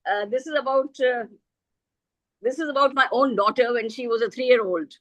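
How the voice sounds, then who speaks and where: A woman's voice: on the high side, normal speed, dry recording, rough recording. Woman reciting poetry, dry close sound. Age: middle-aged. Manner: expressive, shifts into a child's voice for quoted lines. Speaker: poet.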